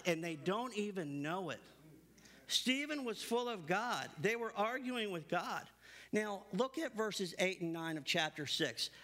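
Bright high-voiced male preacher. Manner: emphatic, builds to animated high-pitched stresses; reads scripture aloud between remarks. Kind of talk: sermon.

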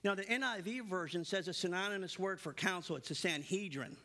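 Bright high-voiced male preacher. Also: a little fast. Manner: emphatic, builds to animated high-pitched stresses; reads scripture aloud between remarks. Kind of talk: sermon.

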